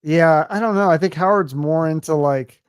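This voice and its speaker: High-voiced chatty man hosting. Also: normal speed, clear, resonant tone, dry recording, studio quality. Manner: enthusiastic, chatty, swears casually. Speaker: podcast host. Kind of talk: casual chat.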